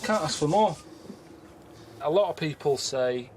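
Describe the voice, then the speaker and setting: A man giving grumbling, deadpan travel commentary outdoors, moaning and complaining as he goes. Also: fairly high pitch, unhurried, a little hiss or hum, rough recording. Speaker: traveling presenter.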